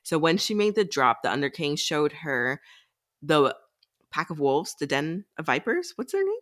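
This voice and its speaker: A woman's voice: low voice, big pitch swings, moderate pace, fairly bright tone. A young woman co-hosting a book podcast, casually recapping the plot and acting out lines. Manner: chatty, recaps plot with quoted voices and laughs. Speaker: podcast co-host.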